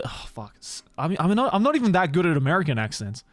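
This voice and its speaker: Aussie streamer guy rambling, lively up-and-down voice, dry close sound, faint music under. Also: on the high side, fast talker, no echo. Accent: Australian. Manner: rambling, full of fillers and restarts. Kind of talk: casual livestream chat.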